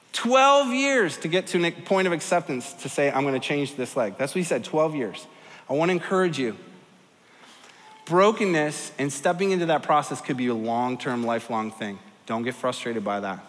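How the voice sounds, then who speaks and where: A man's voice: on the high side, fairly bright tone. A middle-aged man preaching as a pastor, conversational and self-deprecating, with acted asides. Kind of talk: sermon. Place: large church auditorium. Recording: long hall reverb.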